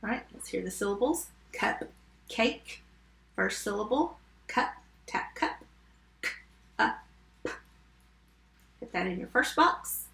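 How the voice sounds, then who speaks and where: Bright, slow-spoken teacher woman, echoey room. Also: mid-range voice, animated. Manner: slow, clearly sounded-out words, patient instructions. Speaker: first grade teacher. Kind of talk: remote phonics lesson for children.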